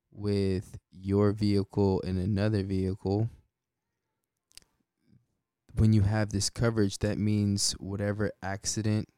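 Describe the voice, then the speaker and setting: A man's voice: on the low side, mellow, clear, resonant tone, dry recording, clean studio sound. A man hosting his own podcast, talking casually and laid-back, often chuckling between points. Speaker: podcast host. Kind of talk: casual solo podcast talk.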